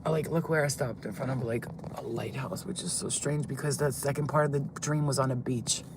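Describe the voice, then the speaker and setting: A woman vlogger who tells a dream in a rambling, excitable way from a parked car. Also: very deep voice, a little fast, very noisy. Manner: rambling, excitable, swears when flustered. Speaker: spiritual vlogger. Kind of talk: casual storytelling, recounting a dream. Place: car, pulled over.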